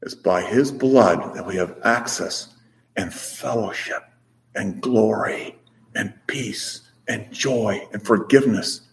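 A man preaching a sermon, rising to loud emphatic peaks and then dropping to soft, low phrases. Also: slow pace, creaky.

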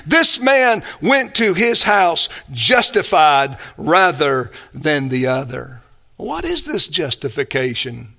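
A man's voice: sits high, vocal fry, bright, forceful tone. A man preaching a sermon, earnest and emphatic, building to rising bursts. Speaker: pastor.

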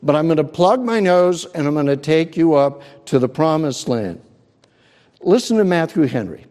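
A man preaching a sermon, earnest and emphatic, with deliberate pauses. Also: fairly high pitch, very animated, a little mellow, long reverb tail. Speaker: pastor.

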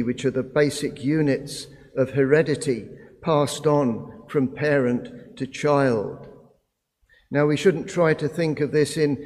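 Guy preaching a sermon real slow and careful, lots of uh pauses, big reverby hall sound. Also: mid-range voice, darkish tone. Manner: slow, deliberate delivery with frequent "uh" pauses.

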